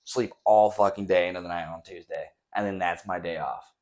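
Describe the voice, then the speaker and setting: Young male podcast host, lowish voice, loose profane rambling, bare echoey bedroom, mic set back. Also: steady tone, fairly quick, a little mellow. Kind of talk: casual solo rambling chat. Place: nearly empty echoey bedroom. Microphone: camera set on a stack of drawers some distance away.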